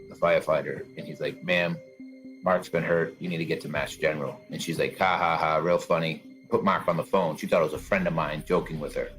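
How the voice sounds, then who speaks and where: A man's voice: very deep voice, a bit bright. A man telling his own story as an interview guest, in plain conversational storytelling. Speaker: guest, bombing survivor. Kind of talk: personal account in an interview.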